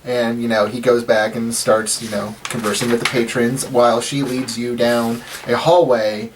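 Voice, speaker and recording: A man's voice: medium pitch, little pitch movement, moderate pace. Guy dming a tabletop game, rambly and casual, far from the mic with hiss behind. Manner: loose, filler-heavy, laughing narration. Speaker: dungeon master. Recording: distant mic with background hiss.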